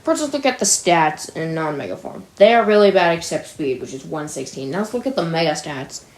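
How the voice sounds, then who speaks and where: A young woman giving casual, opinionated commentary for a gaming video, chatty and quick to laugh at her own jokes. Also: low-pitched, animated, darkish tone.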